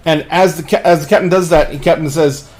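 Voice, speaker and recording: A man's voice: on the high side, fairly even intonation, quick pace, darkish tone. A man game master narrating a tabletop game scene, with frequent restarts.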